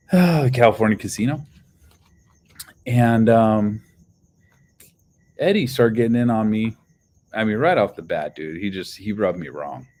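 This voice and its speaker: A man's voice: low voice, a little mellow, slight background noise. A man casually telling a long personal story, rambling with lots of fillers and swearing. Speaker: channel host.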